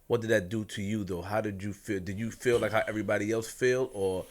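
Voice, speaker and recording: A man co-hosting a podcast, asking halting questions that he rephrases as he goes. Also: on the low side, steady tone. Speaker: podcast co-host. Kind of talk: casual interview questions.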